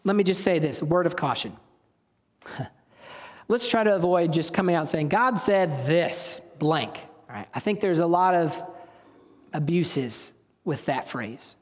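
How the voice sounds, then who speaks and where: The pastor's voice is a little high, with lively intonation, normal speed and long pauses. He tells stories through his sermon in an informal way and keeps going back to correct himself, all under a long hall reverb.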